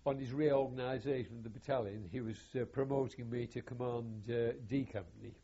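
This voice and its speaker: An older man, recalling his wartime service in an oral history interview in a halting, measured way with wry self-deprecation, on a dull lo-fi recording. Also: mid-range voice, fairly even intonation, warm tone, husky. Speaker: veteran interviewee.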